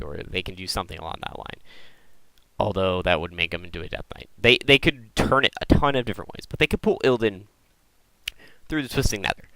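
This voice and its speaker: A man hosting a gaming video, excitedly rambling through lore theories and often repeating his words. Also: deep voice, fairly quick, dry recording, low-quality recording. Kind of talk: casual lore theorizing talk.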